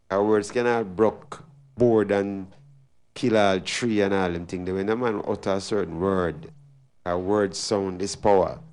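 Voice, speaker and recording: A man's voice: on the low side, a little mellow. A man with a Jamaican accent hosting a talk radio show, speaking in an emphatic, preachy way and repeating his key phrases. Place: radio studio.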